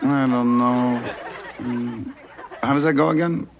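A man's voice: mid-range voice, fairly even intonation, a little slow, creaky, music in the background, crowd noise. A middle-aged man playing a sitcom father who speaks in a mild, hesitant, resigned way. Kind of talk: sitcom acting.

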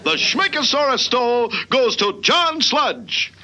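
An actor voicing a smarmy cartoon game show host with showy, chuckling announcer patter. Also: male voice, extremely high pitch, sing-song, takes it slowly, heavy background noise, heavily acted.

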